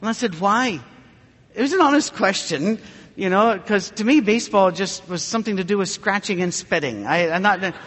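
A man delivers a sermon full of wry anecdotes, mocking himself with a dry wit. His voice sits high for a man, and it rings out with a long reverb, as if through a large church hall. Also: lively intonation, normal speed, fairly bright tone. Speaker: preacher. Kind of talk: humorous sermon with storytelling.

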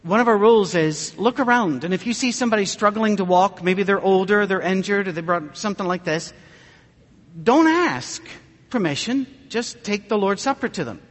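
High-voiced pastor man telling a heartfelt story in a sermon, long church hall reverb. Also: animated. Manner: earnest, conversational storytelling with emotional pauses.

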